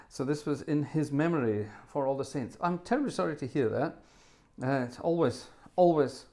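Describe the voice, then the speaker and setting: A man's voice: fairly high pitch, darkish tone. A middle-aged man chatting casually between pieces as host of his own live organ stream, rambling and joking. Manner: chatty, rambling, jokey asides.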